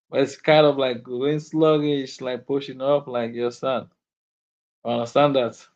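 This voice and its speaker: A man live streaming and chatting casually with his viewers, teasing and chuckling, repeating lines as he reads comments, sounding sleepy. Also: mid-range voice. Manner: laid-back, teasing, chuckles often, repeats himself. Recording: slightly dull lo-fi audio.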